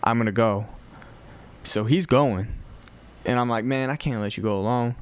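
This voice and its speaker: A young man from Chicago with a Chicago accent, telling a profane, animated story on a podcast. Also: mid-range voice, moderate pace, smooth. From north side of Chicago. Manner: profane, animated retelling with quoted voices. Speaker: podcast host. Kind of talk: casual storytelling.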